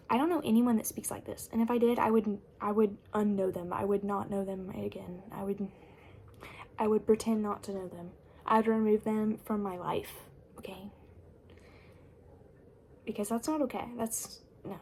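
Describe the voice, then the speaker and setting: With a mid-range, mellow voice and fairly even intonation, a young book vlogger rants casually and sarcastically about books she dislikes. She talks at a moderate pace, chatty and full of fillers, over slight background noise.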